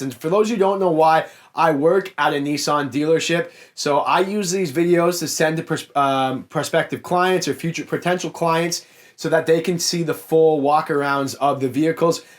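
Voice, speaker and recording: A young man with a Canadian accent from the Niagara area, a car salesman hosting a casual Q&A and frankly answering viewer comments in a chatty way. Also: on the high side. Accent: Canadian, Niagara Ontario. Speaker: car salesman and YouTube host.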